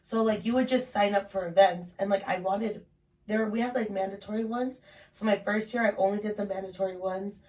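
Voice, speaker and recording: A woman's voice: medium pitch, fairly even intonation, a little fast, darkish tone, recorded from a distance. Twenties woman, chatty storyteller who swears casually, recorded a little off-mic. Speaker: podcast host telling her story. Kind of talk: casual podcast chat.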